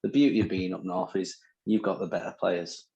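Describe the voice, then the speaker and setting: A man's voice: deep voice, fairly even intonation, a little fast, creaky, mellow, highs cut off. A man with a northern English accent, co-hosting a podcast in casual, teasing banter. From northern England. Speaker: podcast co-host. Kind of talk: casual chat.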